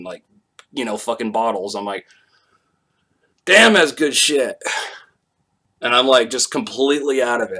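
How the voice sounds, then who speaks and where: A man's voice: mid-range voice, a bit bright. A man telling a long, rambling, profane story in a laid-back way on a live stream.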